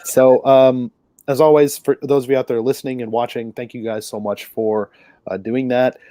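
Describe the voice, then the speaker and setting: A man's voice: medium pitch, level tone, normal speed, dark tone, no room sound. A man hosting a casual podcast, easygoing as he wraps up the episode with plugs and jokes. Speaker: podcast host.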